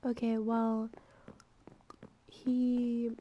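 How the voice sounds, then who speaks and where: A young woman rambling through a personal story, full of filler words, sometimes dropping to a soft whisper. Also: a little high, flat delivery, slow, vocal fry, dull audio, slight background noise. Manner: drops to soft whispers at times. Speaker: gaming vlogger. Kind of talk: storytime while playing a game.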